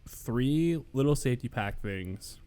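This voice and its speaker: A man's voice: medium pitch, animated, dark tone. A man co-hosting a podcast, rambling through a story with lots of swearing and quoted asides. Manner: rambling, profane, quick to quote himself. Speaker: podcast co-host. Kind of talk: casual storytelling chat.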